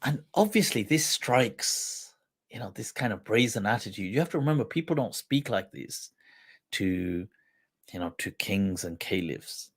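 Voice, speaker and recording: Lively male host retelling a story. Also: lowish voice, slightly rough. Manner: animated retelling with quoted dialogue and laughs; quotes Arabic rapidly, then translates. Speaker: livestream host and mufti. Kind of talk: storytelling lesson on a livestream.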